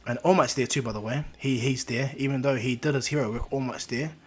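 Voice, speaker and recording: A man's voice: mid-range voice, a little fast, breathy edge, faint music behind. A man casually narrating a fan story, rambling along with restarts and fillers.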